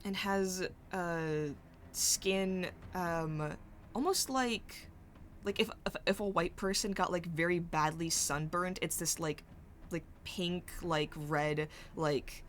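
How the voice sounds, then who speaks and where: A woman narrating a tabletop role-playing game as game master, halting and searching for her words as she describes scenes. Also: fairly low pitch, a little hiss or hum.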